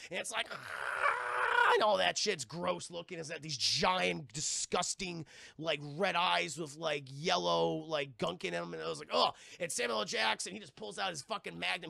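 A man streaming live, recapping a film casually, profane and excitable, and talking to his chat throughout. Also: sits high, creaky, dry recording.

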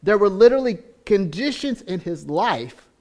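A man preaching a sermon as pastor, earnest, often repeating words and restarting, swinging between loud stretches and hushed ones. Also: high-pitched, lively intonation, normal speed.

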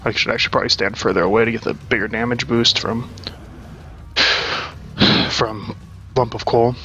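Bright-voiced young man rambling over gameplay. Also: medium pitch, fairly even intonation, moderate pace, lo-fi sound, faint music behind. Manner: rambling and profane, chatting while playing. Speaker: gaming channel host. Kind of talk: casual let's-play commentary. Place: home desk.

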